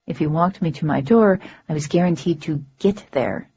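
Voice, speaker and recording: A woman's voice: sits low, moderate pace, dark tone, breathy edge. A woman reading first-person audiobook narration in a dry, wry, matter-of-fact way, in a slightly muffled audiobook recording.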